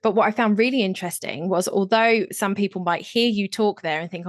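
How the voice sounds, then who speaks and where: A woman's voice: a little high, animated, fairly quick, few pauses, no echo, clean studio sound. A woman with an English accent hosting a podcast, chatty and enthusiastic in casual interview talk. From England. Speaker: podcast host.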